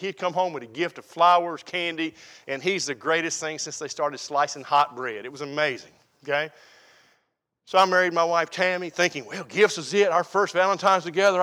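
A man preaches a sermon in a folksy, storytelling way, acting out the people in his anecdotes. His speaking voice sits a bit higher than most men's. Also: a bit bright. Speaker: pastor.

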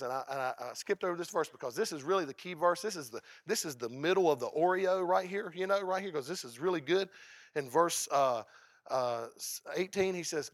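A man, a pastor preaching a sermon and swinging from hushed low stretches to loud, high bursts. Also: expressive, a little fast, no echo, studio quality.

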